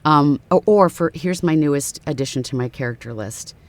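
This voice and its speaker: A woman voice actress chatting casually as a podcast guest. She talks in a lively, storytelling way and keeps jumping into little character voices to act out her stories. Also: low-pitched, moderate pace. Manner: animated storyteller who slips into character voices. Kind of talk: casual interview chat.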